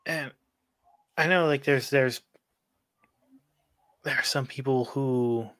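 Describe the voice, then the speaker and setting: A man's voice: medium pitch, slow, no echo. Easygoing man host, dry close sound. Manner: relaxed, hesitant, restarts questions. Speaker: podcast host. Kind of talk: casual interview chat.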